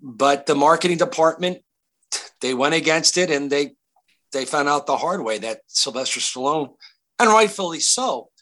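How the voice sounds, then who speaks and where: Bright, animated male actor storyteller. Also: on the high side, moderate pace. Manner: animated, many restarts and fillers. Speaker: actor guest. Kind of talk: casual interview storytelling.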